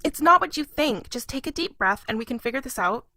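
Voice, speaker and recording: An actress voicing a guilty princess who pleads and tries to calm a man she misled. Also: high voice, fairly quick, no room sound, heavily acted. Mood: pleading. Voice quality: pleading, placating.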